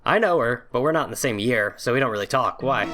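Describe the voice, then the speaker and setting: A young man riffing on a game he is playing, sarcastic and full of swearing. His voice is bright and forceful with a lively pitch, and faint game music plays underneath. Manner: profane, sarcastic joking. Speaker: video game let's play host. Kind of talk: casual gameplay commentary, reading game text aloud.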